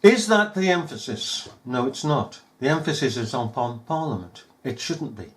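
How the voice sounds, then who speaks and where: A man's voice: mid-range voice, expressive, normal speed. A man giving scornful, emphatic commentary over news footage, full of rhetorical questions. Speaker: video commentator.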